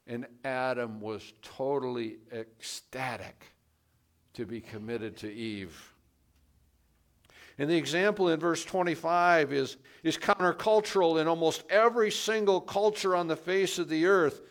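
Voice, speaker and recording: A man preaching a sermon, slow and deliberate, pressing hard on key words for emphasis. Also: sits high, vocal fry. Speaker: pastor.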